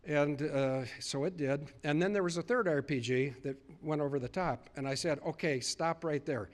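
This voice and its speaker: A fairly high-pitched man speaks at a moderate pace to a live audience. As a public speaker in a storytelling speech, he earnestly relays conversations, repeating phrases emphatically.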